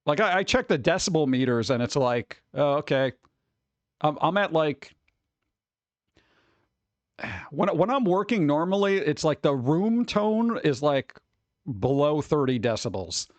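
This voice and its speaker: A man's voice: fairly high pitch, expressive, measured pace, pauses often, no room sound. A man chatting casually with his stream chat, rambling with many restarts. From New York. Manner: rambling, restarts, mimics people in quotes.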